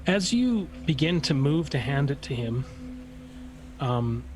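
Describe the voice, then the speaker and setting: A man narrating as game master of a tabletop game, in a halting way with many pauses and restarts. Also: a little high, big pitch swings, background noise.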